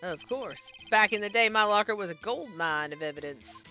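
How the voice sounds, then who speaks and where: A woman voicing a drawling cowboy-style male police officer with a slow, theatrical Southern drawl. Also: medium pitch, animated, pushed and bright, soft background music. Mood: laconic.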